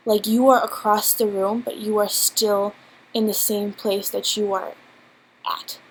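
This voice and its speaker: A woman's voice: mid-range voice, flat delivery, measured pace, a little hiss or hum, low-quality recording. A young woman telling a storytime vlog at home into a laptop mic, rambling and giggly with many fillers. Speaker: vlogger. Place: home, indoors. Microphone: built-in laptop mic.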